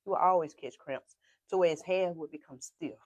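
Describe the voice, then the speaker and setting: A woman pastor with a South Carolina accent tells her story in emotional bursts, acting out what each person said and repeating phrases. Her voice often sinks to a soft whisper. The sound is close and dry, with no room echo. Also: low voice, moderate pace, dull audio. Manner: repeats and re-enacts dialogue with quoted speech. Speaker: pastor, podcast guest. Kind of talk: personal testimony in a conversation.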